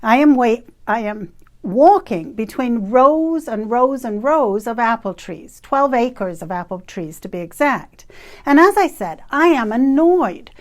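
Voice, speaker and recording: A woman in her fifties from Canada, telling a personal story in an animated, emphatic way with bursts of laughter. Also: a little high, unhurried. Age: 50s. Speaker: retreat facilitator.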